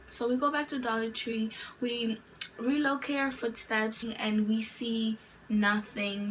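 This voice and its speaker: A woman's voice: on the high side, a bit bright. Chatty young woman, slightly distant mic. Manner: rambling, chatty retelling with frequent "like" fillers. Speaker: vlogger. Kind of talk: storytime narration. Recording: distant mic with faint background noise.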